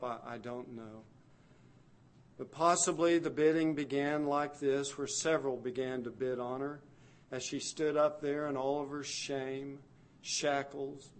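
A man with a mid-range voice preaches a sermon, telling the story dramatically and swinging between hushed, soft passages and loud, urgent ones.

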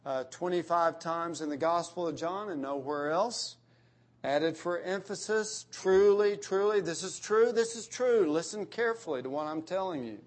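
Male preacher, fairly high-pitched, emphatic expository sermon delivery. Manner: emphatic, repeats key phrases with rising force.

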